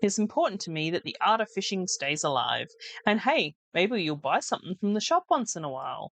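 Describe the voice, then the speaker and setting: A friendly old fisherman with homespun sayings and a lively, bobbing delivery, as a woman reads him. He stays easygoing and unhurried, like a video game character chatting by the docks. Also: lowish voice, gravelly, no echo, heavily acted. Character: gruff old male fisherman, friendly and folksy.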